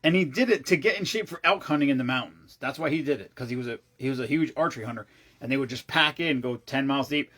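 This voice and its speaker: A man vlogging, telling a long rambling story in a casual, excitable way, swearing freely and often restarting his sentences. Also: mid-range voice, quick pace, breathy edge.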